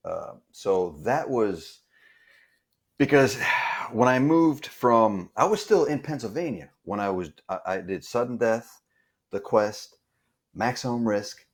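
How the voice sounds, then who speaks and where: A man with an average-pitched voice recounting his time doing stunts. He talks in a loose, conversational way and stumbles over his words, restarting phrases as he searches for the next thought. It sounds like an unscripted guest on a chat show. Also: animated. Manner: halting, repeats words while recounting. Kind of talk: casual anecdote telling.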